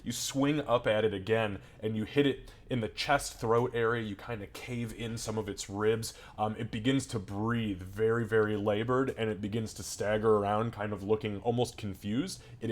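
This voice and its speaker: A man's voice: on the low side, steady tone, moderate pace, hardly any pauses. A man running a tabletop game as game master, narrating combat in a casual, profane way. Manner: casual, swears freely, loose descriptive narration.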